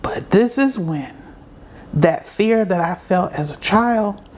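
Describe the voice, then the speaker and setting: A woman's voice: mid-range voice, animated, takes it slowly, a little mellow, a little hiss or hum. A grown woman, a guest in an interview, telling a personal story earnestly and acting out the voices of the people she quotes. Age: adult, grown.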